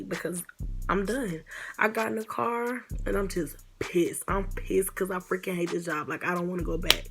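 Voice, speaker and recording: A young woman telling a story in a casual vlog, blunt and exasperated, swearing now and then. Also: medium pitch. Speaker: vlogger.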